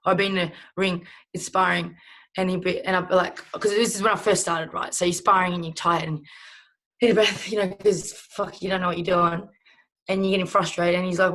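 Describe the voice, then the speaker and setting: A woman's voice: fairly low pitch, fairly even intonation, moderate pace, fairly bright tone. A young adult woman with an Australian accent, a professional boxer talking casually in an interview, rambling and swearing freely.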